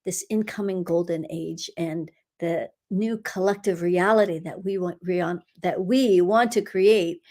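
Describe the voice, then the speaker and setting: A woman hosting a live session as an energy healer, guiding a meditation in an unhurried way with frequent soft laughs and the odd whisper. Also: fairly low pitch. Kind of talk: guided energy-clearing meditation.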